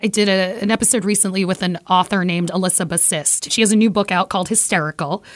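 A woman's voice: medium pitch, fairly even intonation, fast, no echo. A woman podcast host talking in a conversational way with some fillers, in a casual interview.

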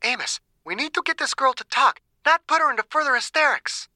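A man's voice: very high voice, animated, fairly quick, sharp tone, dry recording, studio quality, pitched above the performer's own voice, exaggerated voice. A man voicing a tense female doctor who speaks in urgent, clipped lines.

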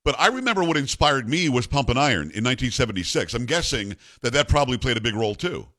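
A man hosting a radio talk show, chatting eagerly with his guest and cutting in with quick replies. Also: mid-range voice, very animated, bright, forceful tone. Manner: enthusiastic, chatty, quick back-channel replies. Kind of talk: casual radio interview.

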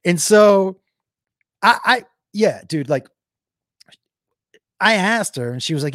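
A young adult man, a comedian, telling a comic story with lively bursts into shouted voices. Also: high voice, slow, pauses often, no echo, clean studio sound. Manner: animated, jumps into shouted impressions.

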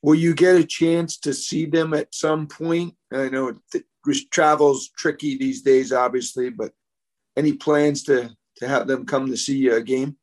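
A man's voice: medium pitch, flat delivery, a little mellow. A man reporter asking a player friendly questions at a press conference, restarting phrases as he goes. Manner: friendly, slightly halting questions.

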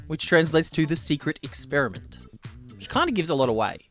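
A man hosts a relaxed podcast chat, his voice sitting a little high and bouncing all over the place. He is playful and laughs easily, with faint music under the talk. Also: a little fast. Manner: playful, tries out foreign accents, laughs often. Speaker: podcast host. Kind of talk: casual chat.

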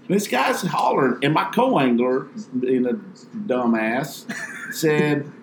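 A professional bass angler telling a story in casual talk, animating it by acting out the others. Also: male voice, expressive, slow, echoey room, background noise.

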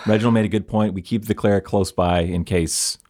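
A man's voice: fairly low pitch, fairly even intonation, a little fast, darkish tone. A man playing a tabletop game, giving bossy, exasperated orders. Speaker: player. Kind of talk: in-character tabletop play.

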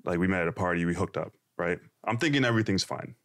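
A young man as a podcast guest, telling a story in an animated way and laughing often. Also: low-pitched, quick pace. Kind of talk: casual storytelling.

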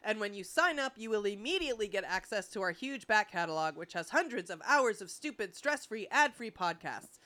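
A woman co-hosting a podcast in casual chat, teasing crudely and rattling off promos quickly. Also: mid-range voice, lively intonation, pushed and bright. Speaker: podcast co-host.

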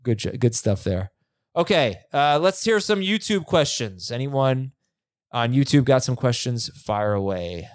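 Man, mid-pitched voice, podcast host, easygoing teasing banter, dry close sound. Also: lively intonation, no echo. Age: adult, parent. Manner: easygoing, teasing, quick asides. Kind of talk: casual sports banter.

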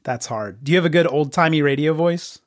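A chatty man hosts a relaxed podcast interview, laughing easily between questions. His voice sits a little high for a man. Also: brisk. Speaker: podcast host. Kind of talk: casual interview.

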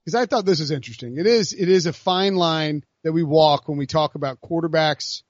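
A man co-hosting a sports podcast in casual chat, rambling and animated with many restarts. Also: fairly high pitch, brisk, no room sound, highs cut off. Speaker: podcast co-host.

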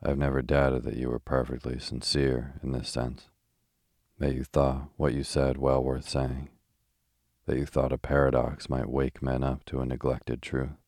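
A man reading the lines of a calm, patient gentleman who speaks with measured gravity in a sleep audiobook. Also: extremely low pitch, dry recording, clean studio sound.

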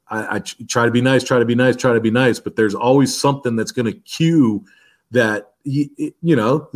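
A man who coaches a defensive line, telling practice stories in an interview and acting out the lines he shouts at players. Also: medium pitch. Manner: animated, acts out shouted quotes from practice. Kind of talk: interview storytelling.

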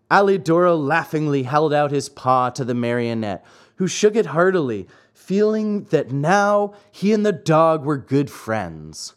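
A man hosting and narrating an audiobook of a classic fairy tale, reading in an expressive way. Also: on the high side, unhurried. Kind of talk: storybook narration.

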